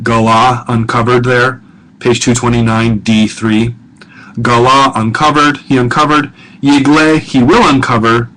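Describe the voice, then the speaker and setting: A man's voice: mid-range voice, a bit bright, poor audio. Man teaching Hebrew grammar. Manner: patient, chatty, slows to sound out Hebrew words. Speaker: professor. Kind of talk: recorded grammar lecture.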